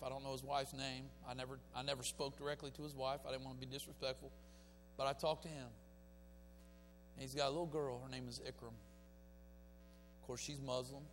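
A man preaching a sermon in a church, swinging between fiery exhortation and quiet, folksy storytelling. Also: medium pitch. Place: church sanctuary. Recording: reverberant church hall with faint music.

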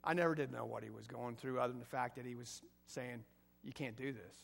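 In an echoey church hall, a man preaches as pastor in a conversational style, asking his congregation questions and rising to emphatic peaks. He talks fast at a medium pitch, with vocal fry.

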